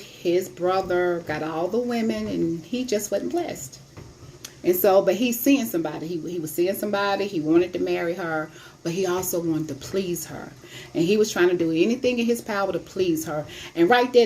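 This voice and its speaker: A woman's voice: mid-range voice, darkish tone, a little hiss or hum. A middle-aged woman hosting her own show, giving blunt advice on sex and relationships and retelling a story casually with quoted voices.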